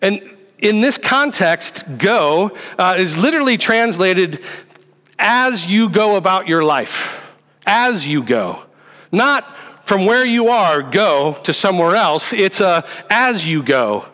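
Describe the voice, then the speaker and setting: Man, pastor, conversational sermon, high voice, long hall reverb. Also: very animated, slow, sharp tone. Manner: conversational teaching with rhetorical questions.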